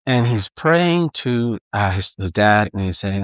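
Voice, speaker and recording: A man's voice: lowish voice, lively intonation, unhurried, few pauses, dry recording. A man preaching a sermon in an earnest, conversational way, often repeating and restarting phrases. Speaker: pastor.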